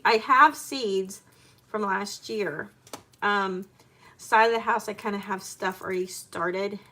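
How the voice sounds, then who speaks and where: A woman's voice: mid-range voice, pushed and bright, a little hiss or hum. A woman in her home kitchen chatting casually and rambling as she chops and cooks. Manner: chatty and rambling, talking while chopping and cooking. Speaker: homemaker vlogger. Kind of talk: casual chat while cooking.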